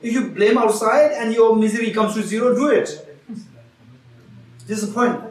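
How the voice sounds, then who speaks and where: High-voiced man teaching in a roomy hall. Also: moderate pace. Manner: engages audience with questions, repeats phrases. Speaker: Buddhist teacher. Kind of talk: interactive dharma teaching. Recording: roomy hall sound from far off.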